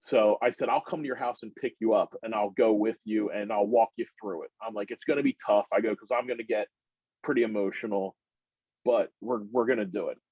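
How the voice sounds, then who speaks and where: This podcast guest is a middle-aged man spinning a rambling, animated story in a casual style, going high in pitch when he gets excited. His delivery is a little fast with a breathy edge. The recording comes across as muffled and dry.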